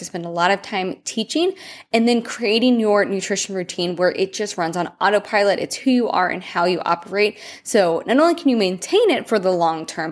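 A woman nutrition coach hosting her own podcast, telling a personal story in a chatty, meandering way. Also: mid-range voice.

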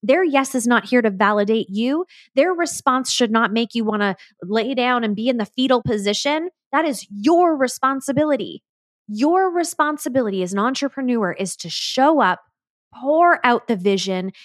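With a fairly high-pitched, animated voice and a measured pace, this business coach hosts a solo podcast monologue full of emphatic, motivational enthusiasm. The recording is dry and close, free of any room sound.

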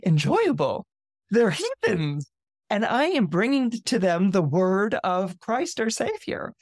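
A man's voice: high voice, big pitch swings, takes it slowly, no room sound, clean studio sound, pitched above the performer's own voice, heavily acted. A man voicing a prim, pious female missionary who talks eagerly and emphatically in a story retelling. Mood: zealous.

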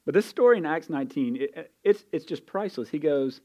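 A man delivering a sermon in a chatty, down-to-earth manner, leaning hard on his key points. His voice sits slightly higher than most men's. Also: lively intonation, fairly quick, warm tone. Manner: conversational, emphatic preaching with casual asides. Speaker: pastor. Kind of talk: expository sermon.

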